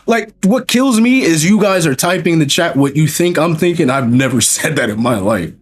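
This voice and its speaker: A man's voice: a little high, expressive, normal speed. A male streamer in casual chat, emphatic and profane, hammering his point with repeated rhetorical questions. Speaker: streamer and host.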